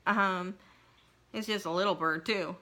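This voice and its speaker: A middle-aged woman vlogger telling a personal story in an emotional, halting way, with frequent restarts and pauses. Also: medium pitch, fairly even intonation, bright, forceful tone. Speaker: craft vlogger.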